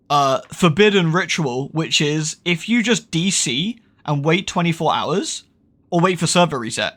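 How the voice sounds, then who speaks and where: A UK man with a fairly high, slightly bright voice chats casually with viewers while livestreaming a horror game. He rambles, swears, corrects himself and laughs often.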